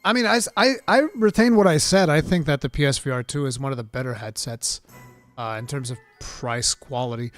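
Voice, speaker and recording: A man hosting a live gaming talk stream, reading chat questions and chatting casually in an animated, rambling way. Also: mid-range voice, a little fast, faint music behind. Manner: animated, excitable, rambling with restarts.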